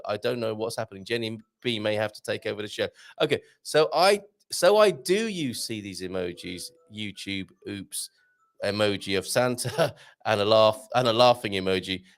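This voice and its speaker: Creaky-voiced chatty man host. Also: medium pitch. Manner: rambling and excitable, talking to viewers and chat. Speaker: host of a live online show. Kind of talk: casual live-stream chat.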